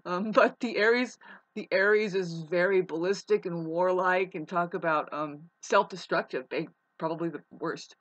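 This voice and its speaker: A woman's voice: on the low side, moderate pace. A woman talking through astrology in a casual, rambling monologue, emphatic, cursing now and then and calling her listener babe. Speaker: astrology vlogger. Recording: dull lo-fi sound.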